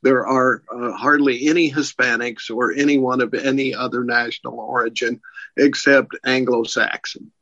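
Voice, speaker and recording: Older male co-host, halting chat, dull muffled dry audio. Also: medium pitch, steady tone, a bit bright, dry recording. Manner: halting, many restarts and fillers. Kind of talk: casual chat.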